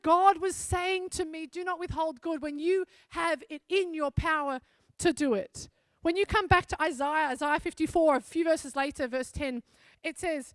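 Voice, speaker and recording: A woman's voice: high-pitched, moderate pace, fairly bright tone, no room sound. A woman pastor from South Africa giving a sermon, telling a personal story in an earnest, conversational way.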